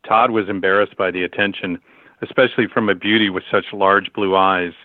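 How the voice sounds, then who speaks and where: A man with a fairly low voice reads a story aloud at a steady, measured pace. The sound is dry and close, with no room around it. It comes through thin and tinny, like a phone line. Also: no room sound. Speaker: narrator. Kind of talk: storybook narration.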